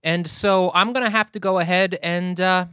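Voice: steady tone, moderate pace, pushed and bright, clean tone, no room sound, studio quality. A podcast host narrating and improvising a spoof soap opera, brash and swearing freely. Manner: brash, swearing, wild pitch jumps.

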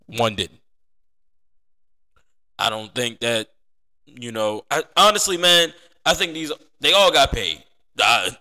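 A man's voice: fairly low pitch, pushed and bright. A man hosting a sports podcast, talking casually and with energy, often repeating himself for emphasis. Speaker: podcast host.

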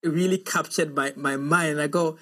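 A man's voice: fairly high pitch, fairly even intonation, normal speed, pushed and bright. A man hosting an interview, asking thoughtful, curious questions. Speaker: interview host.

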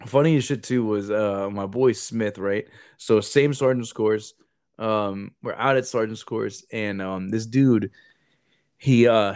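Young male podcast host with a slightly low voice, animated storyteller who mimics others; dry, close recording. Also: no room sound. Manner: animated, swearing, acts out quotes in raised voices. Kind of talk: casual storytelling.

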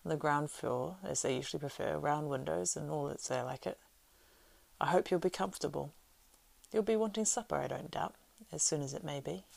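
A woman voicing a fat, bustling middle-aged male innkeeper who chatters loudly and fussily, in a story reading. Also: low voice, gravelly, no echo, full character voice. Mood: chatty. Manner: hurried, loud and fussy chatter.

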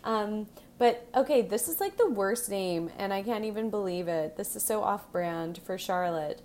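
A woman's voice: medium pitch, lively intonation, normal speed, darkish tone, slight background noise. A woman co-hosting a podcast, chatting casually about a show, laughing often. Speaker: podcast co-host. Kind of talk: casual recap chat.

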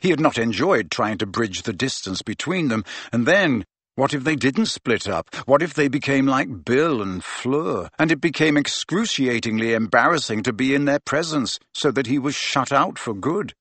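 Man narrating an audiobook, mid pitch, steady, dry close sound. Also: moderate pace, breathy edge, no room sound. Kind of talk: scripted narration.

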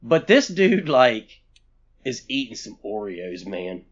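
A man's voice: medium pitch, very animated, takes it slowly, lo-fi sound. A man co-hosting a casual podcast chat, blunt and profane, rambling from one thought to the next. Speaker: podcast co-host.

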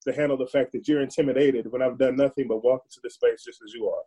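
A man's voice: mid-range voice, fairly even intonation, fast talker, warm tone, husky, rough recording. A man speaking earnestly and emphatically as a guest in a casual discussion, often repeating words as he thinks.

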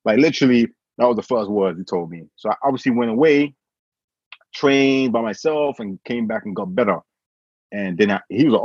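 A man with a slightly low, husky voice tells a story in a relaxed conversation, jumping up in pitch as he acts out what others said. The sound is dull and dry, with no room in it. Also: brisk, no echo. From England. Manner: animated, quotes others with voice changes. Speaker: guest.

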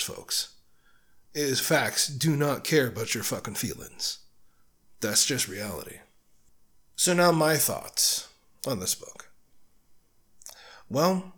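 A man's voice: mid-range voice, fairly bright tone. A man hosting a casual solo podcast book review, talking in a blunt, profane, argumentative way and firing rhetorical questions at the listener. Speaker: podcast host.

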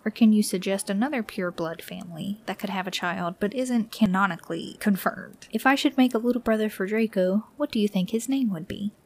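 A woman's voice: medium pitch, fairly quick, hardly any pauses. A woman co-hosting a podcast in casual chat, dropping wry, dry asides. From United States. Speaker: podcast co-host.

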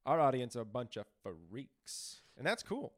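A man's voice: mid-range voice, big pitch swings, unhurried. A man co-hosting a casual comedy podcast, laughing often and riffing along on crude jokes. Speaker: podcast co-host.

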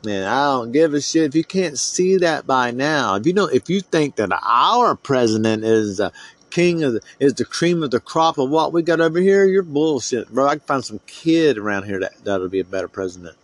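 A man's voice: mid-range voice, expressive, moderate pace, no room sound. A middle-aged man from the United States, hosting a podcast and ranting in a heated, profane, rambling way. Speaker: podcast host. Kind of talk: solo podcast rant.

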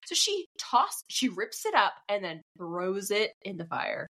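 A woman co-hosting a casual recap podcast, talking fast and slipping into high mocking voices when she quotes people. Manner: animated, jumps into high mock voices for quotes. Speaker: podcast co-host.

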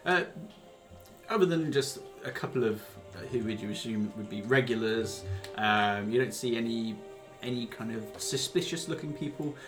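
A man's voice: medium pitch, moderate pace. Man running a tabletop game, full of ums. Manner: rambling, hesitant, full of ums and uhs. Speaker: game master. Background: background music.

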